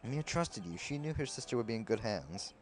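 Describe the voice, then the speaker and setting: A man's voice: mid-range voice, lively intonation, brisk, soft background music, natural voice. A man voicing a young male defense attorney in a flustered, earnest way, close to his own voice.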